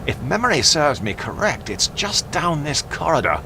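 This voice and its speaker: An actor playing a polite, dry English gentleman astronaut in a studio game, with an English accent and a proper, understated manner. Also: a little high, sing-song, moderate pace, creaky, noisy background.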